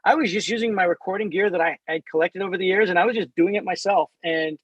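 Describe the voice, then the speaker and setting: Husky-voiced male musician, dry sound. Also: high-pitched, fast talker, dry recording, highs cut off. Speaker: band bassist. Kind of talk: casual podcast interview.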